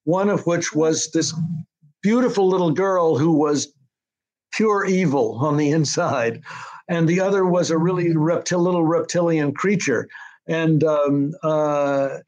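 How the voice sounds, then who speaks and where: An older American man recalls events in a casual interview, his voice sitting a little high for a man. He rambles, restarting his sentences and filling pauses with "uh" and "um". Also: darkish tone. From United States. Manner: rambling with many restarts and fillers. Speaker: TV writer-director being interviewed.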